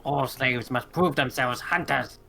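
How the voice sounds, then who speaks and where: A man voicing a gruff male tribal creature chief who talks in broken, halting phrases, in a tabletop game. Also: mid-range voice, sharp tone, heavily acted. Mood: sly.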